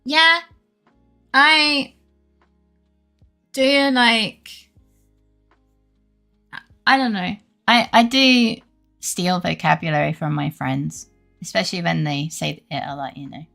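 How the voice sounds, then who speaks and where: A young woman streamer rambles loosely as she answers her chat, laughing often and swearing freely. Her low-sitting voice is bright with a gravelly fry, moves at normal speed, and faint game music plays underneath.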